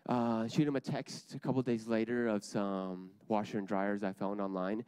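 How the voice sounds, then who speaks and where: A man's voice: fairly low pitch, fairly even intonation, moderate pace, few pauses, darkish tone, clear, resonant tone, dry recording. A young man giving an earnest sermon to a church group, repeating his key lines for emphasis.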